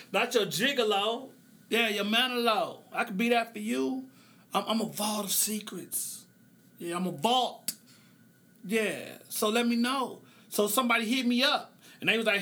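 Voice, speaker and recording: Impassioned man with a high bright voice. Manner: impassioned, preaching cadence, drawn-out phrases; loose, joking, laughs often. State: emotional, tearing up. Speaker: podcast host. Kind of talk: solo podcast talk.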